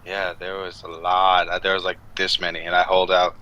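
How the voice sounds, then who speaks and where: A man's voice: deep voice, completely flat delivery, moderate pace, bright, forceful tone, lo-fi sound. A man playing a tabletop game, talking casually with frequent stammers. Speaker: player.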